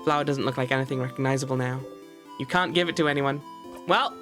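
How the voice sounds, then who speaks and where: A woman's voice: a bass voice, fast talker, over music. A woman streamer reading game text aloud expressively in a voice-acted playthrough, with playful asides.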